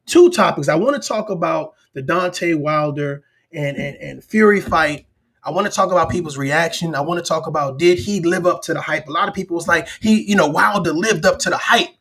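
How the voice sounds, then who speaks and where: Hosting a live-stream talk show, this man speaks in a slightly high, fairly bright voice with a bit of roughness. His chat is casual and lively, and he frequently imitates how other people talk.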